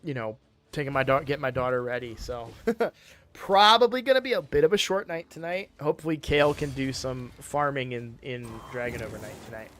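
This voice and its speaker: A man's voice: a little high, a bit bright, a little hiss or hum. Sleepy rambling man streamer. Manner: rambling, with frequent restarts. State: sleepy, yawning. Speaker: game streamer. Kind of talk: casual live-stream chat.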